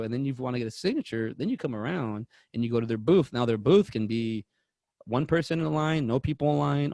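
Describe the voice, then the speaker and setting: A man in his thirties chats on a movie podcast, wandering through long stories and restarting sentences. His voice is gravelly, with a fry at the edges. The sound is close and dry. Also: mid-range voice, dark tone, no echo. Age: 30s. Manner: rambling anecdotes with many restarts. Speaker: podcast co-host. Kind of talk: casual movie podcast chat.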